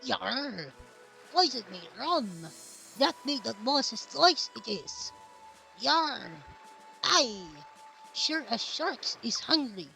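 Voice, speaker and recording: A woman voicing rowdy male pirates in a loud, growled pirate dialect, reading a game's dialogue aloud. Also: high-pitched, animated, takes it slowly, gravelly, soft background music, exaggerated voice, rough recording. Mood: gruff. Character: gruff blustering male pirate crew.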